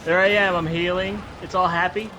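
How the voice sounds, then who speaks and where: A man's voice: sits high, flat delivery, brisk, noisy background. A man hosting a podcast, chatting casually over gameplay and often restarting his sentences. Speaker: podcast host.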